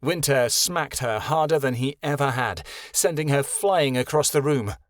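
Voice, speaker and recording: A man narrating a young-adult fantasy audiobook in a steady storytelling manner, giving each character its own voice. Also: mid-range voice, normal speed, no echo, studio quality. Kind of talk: scripted narration.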